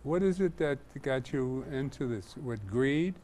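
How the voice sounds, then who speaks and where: A man hosting an interview, relaxed and chatty, talking with easy laughter. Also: mid-range voice, a little slow, slight background noise. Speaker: host. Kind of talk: casual interview chat.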